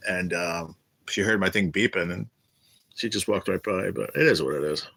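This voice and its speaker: His low, gravelly voice is a bit bright and comes at a normal speed on a dry phone or webcam recording. The middle-aged man is ill with cancer and in treatment, hosting a laid-back livestream where he answers chat and tells crude, blunt stories.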